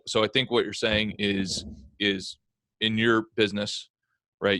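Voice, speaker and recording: A man's voice: fairly low pitch, pushed and bright, no room sound. A man hosting a podcast, addressing listeners and paraphrasing his guest to check he understands. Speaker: podcast host. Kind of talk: casual podcast chat.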